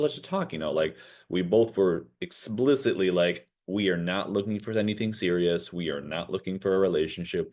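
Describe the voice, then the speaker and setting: Deep-voiced man talking fast. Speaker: podcast guest. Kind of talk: casual chat.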